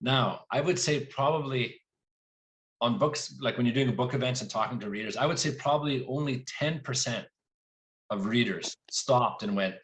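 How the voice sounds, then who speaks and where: An author appearing as a guest at a live library event, this man speaks in a mid-register voice at medium pitch and normal speed. He tells his stories with energy, sprinkling quoted asides throughout.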